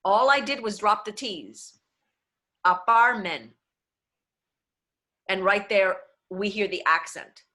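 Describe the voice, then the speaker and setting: Bright-voiced woman coaching diction. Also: mid-range voice, expressive, a little slow, hardly any pauses. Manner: explanatory, switches into Spanish phrases. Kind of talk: online workshop talk.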